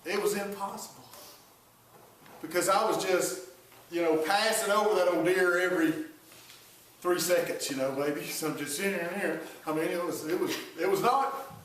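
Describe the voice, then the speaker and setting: A pastor preaching a sermon, folksy and joking with the congregation. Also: male voice, sits high, normal speed, fairly bright tone, slight background noise. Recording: echoey room, voice from far off.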